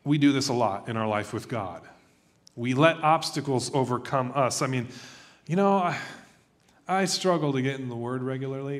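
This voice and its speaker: A man preaching a sermon in a conversational, animated way, acting out quoted voices as he tells stories. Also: medium pitch, moderate pace. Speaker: pastor.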